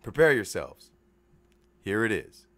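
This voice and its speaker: A man hosting his own internet radio show, ranting with lots of swearing, jumping between loud outbursts and low mutters, now and then slipping into a mock English accent. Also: measured pace. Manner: swearing, animated, swings from shouting to muttering. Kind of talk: solo podcast rant.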